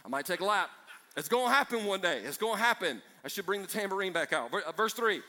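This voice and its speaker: A man preaching a sermon to a live church congregation, energetic and fired up, with joking side remarks. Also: sits high, fast.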